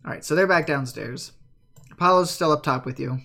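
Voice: medium pitch, brisk, gravelly, a bit bright. A game master narrating a tabletop game in a loose, chatty way.

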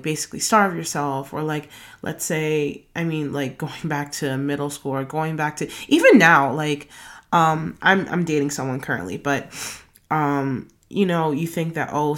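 Podcast host: young woman with a low voice who reads numbered self-help tips and slips into chatty asides. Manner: reads numbered tips, then drifts into loose casual asides. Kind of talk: reading a self-help blog post aloud.

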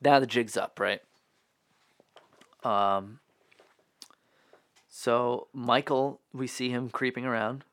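Male podcast host, relaxed recap delivery, mid pitch, dry booth sound. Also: no room sound. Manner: laid-back, filler-heavy retelling with quick impressions. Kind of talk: casual movie recap chat.

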